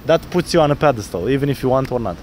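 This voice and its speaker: Talking rapid-fire in a mid-range voice, a dating coach explains to a student on a city street how to approach women. He animatedly acts out his pickup lines in different voices during this outdoor coaching talk. A little hiss or hum is audible.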